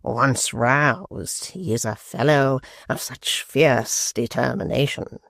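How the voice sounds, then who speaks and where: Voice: mid-range voice, vocal fry, fairly bright tone, no room sound, studio quality. A reader voicing Gashford, a silky sneering schemer. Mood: sly. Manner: silky, slow and cold, sometimes near a whisper. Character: smooth, sly, sneering male secretary. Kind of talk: audiobook character voice.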